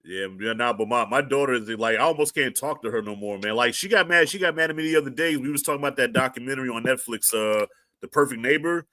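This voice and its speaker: A middle-aged man chatting on a podcast with a bright, forceful tone. He tells stories with a lot of swearing and bursts of loudness. The sound is close and dry. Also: medium pitch, quick pace, no room sound. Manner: animated storyteller, profane, loud outbursts. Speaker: podcast co-host. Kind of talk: casual chat.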